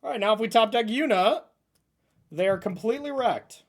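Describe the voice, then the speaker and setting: A man streaming a card game, thinking aloud about his plays in a relaxed, chatty way. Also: high-pitched, normal speed. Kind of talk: casual gameplay commentary.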